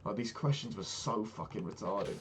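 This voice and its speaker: A man's voice: lowish voice, expressive, moderate pace, a little hiss or hum. A young man casually recounting a frustrating meeting, exasperated and swearing freely as he talks. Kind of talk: casual storytelling rant.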